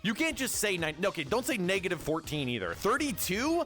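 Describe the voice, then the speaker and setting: A man's voice: high-pitched, huge pitch swings, fairly quick, a bit bright, soft background music. A young man streaming as a VTuber, chatting and joking with his chat in a rambling way. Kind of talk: casual livestream chat.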